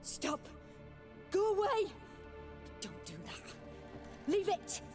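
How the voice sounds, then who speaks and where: A frightened ghost girl, very high, slow, lively pitch, faint accent, game voice. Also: faint music behind, heavily acted.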